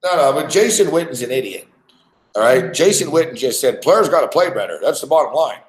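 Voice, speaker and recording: A man's voice: mid-range voice, expressive, brisk, echoey room. A man ranting in a frustrated, profane way as he reacts live to a game he has bet on. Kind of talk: casual live reaction rant.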